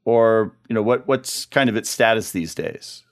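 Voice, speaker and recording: A man's voice: on the low side, unhurried. A man hosting a podcast in a chatty, casual way. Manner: chatty, with fillers and restarts. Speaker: podcast host.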